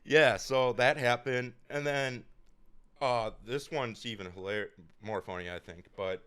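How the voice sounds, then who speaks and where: A man's voice: medium pitch, fairly even intonation, a little slow, a bit bright, clean tone. A man co-hosting a podcast, telling stories in casual chat, rambling and hesitant with many fillers. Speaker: podcast co-host.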